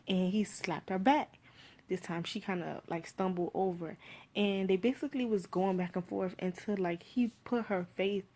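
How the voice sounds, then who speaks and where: A woman with a Miami accent talks through a film she just watched. Her review is loose and unscripted, thick with "like" and "you feel me". Her voice sits in a middle register, and she lifts into animated retellings of the scenes. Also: medium pitch. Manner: rambling, heavy use of "like" and "you feel me". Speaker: movie reviewer. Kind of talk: casual spoken film review.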